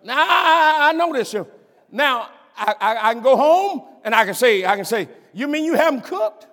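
An older man delivers a sermon in a strikingly high voice, the sound ringing out with a long reverb through a large hall. He stammers and repeats words, climbs into shouts, and checks in with the congregation in call-and-response fashion. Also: expressive, normal speed. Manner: preacher's call-and-response, repeated "am I right about it". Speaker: pastor.

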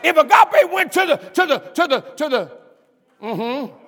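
An older man preaching a sermon, stammering and repeating himself, swinging between shouts and asides and asking the congregation "am I right about it.". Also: very high voice, animated, a little slow, some chatter behind. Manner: stammers and repeats words, bursts into shouts and laughter. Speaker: pastor. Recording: long hall reverb.

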